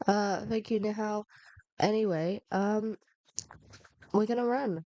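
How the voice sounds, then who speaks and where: A woman's voice: medium pitch, slow, dark tone, dry recording, highs cut off. A woman narrates her gameplay in a dry, close recording, her voice sitting in an ordinary middle register. She is under the weather with a cold, and she rambles along, poking fun at herself as she plays. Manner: self-mocking and rambling. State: unwell with a cold. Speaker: gaming video narrator. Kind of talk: casual gameplay commentary.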